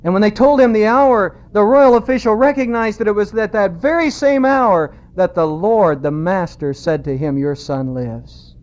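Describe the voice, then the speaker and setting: A man preaching a sermon, emphatic and repeating key phrases, slowing down when he quotes scripture. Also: high voice. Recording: dull lo-fi sound.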